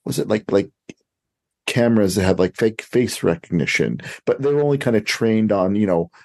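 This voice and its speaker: Mellow host who rambles. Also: male voice, lowish voice, vocal fry. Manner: rambling, halting, restarts often. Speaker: podcast host. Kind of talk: casual podcast chat.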